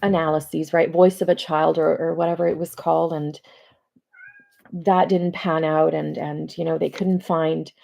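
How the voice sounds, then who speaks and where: Low, gravelly-voiced woman near tears. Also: flat delivery, mellow. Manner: halting, many fillers and pauses. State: tearful, close to crying. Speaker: mother addressing her daughters. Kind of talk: personal video diary.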